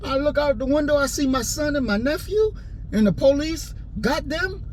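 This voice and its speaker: A man delivering an impassioned, preachy rant and story, repeating his points and rising into shouts. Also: very high voice, lively intonation, normal speed, a little hiss or hum, low-quality recording. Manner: preachy, repetitive, swings into shouting.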